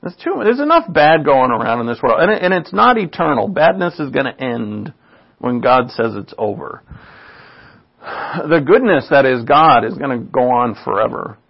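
Gravelly-voiced man preaching casually. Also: mid-range voice, very animated, moderate pace. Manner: chatty, asks "right?" often, laughs at own asides. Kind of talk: informal sermon. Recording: dull lo-fi recording.

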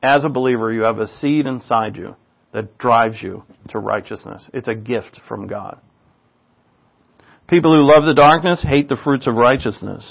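A man's voice: mid-range voice, gravelly. An older man, a pastor, preaching a loose, conversational sermon full of asides and restarts. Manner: casual, rambling, with asides and restarts. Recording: dull lo-fi recording.

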